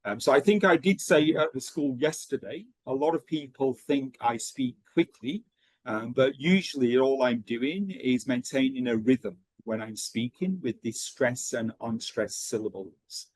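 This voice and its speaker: A man running an online teacher training session, talking in a steady rhythm with frequent ums and okays. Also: mid-range voice, a little slow, dry recording, poor audio.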